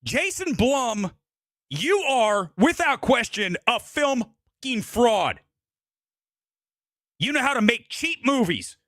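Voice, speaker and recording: A man's voice: very high-pitched, sing-song, takes it slowly, pauses often, sharp tone, no echo, studio quality. A man hosting a live movie show, delivering an angry, profanity-laced rant at a producer. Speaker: movie podcast host. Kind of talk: live-streamed film rant.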